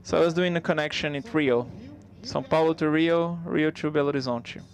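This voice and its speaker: A man giving a live spoken interpretation of a stand-up comedy set, conversational and halting, with frequent restarts. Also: fairly high pitch.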